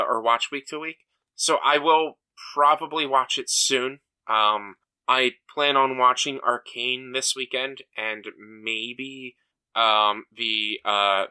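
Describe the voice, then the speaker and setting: Bright-voiced animated podcast guy. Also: medium pitch. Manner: animated, emphatic, many fillers and restarts. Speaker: podcast co-host. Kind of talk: casual chat.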